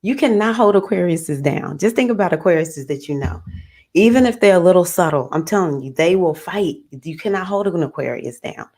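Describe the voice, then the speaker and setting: A woman hosting a casual astrology livestream, talking in an animated, playful way and laughing often. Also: lowish voice, brisk. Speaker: astrologer, host.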